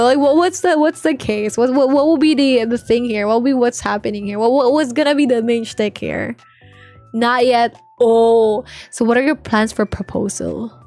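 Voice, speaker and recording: A woman's voice: fairly high pitch, animated, normal speed, a little mellow, no echo, faint music behind. A young woman streaming live, chatting casually and rambling with viewers, full of filler words and slang. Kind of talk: casual livestream chat with viewers.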